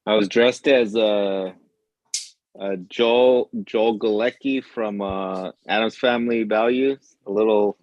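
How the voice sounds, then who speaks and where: A man's voice: lowish voice, fairly even intonation, takes it slowly, darkish tone, no room sound, dull audio. A man joking about himself in casual chat on a talk show. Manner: wry, self-mocking.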